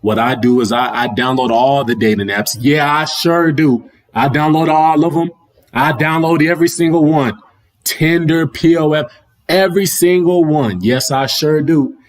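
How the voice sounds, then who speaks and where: A young adult man hosts a livestream, his voice fairly high and his speed normal. He rants casually in loose slang, circling back over the same points again and again, picked up by his livestream mic.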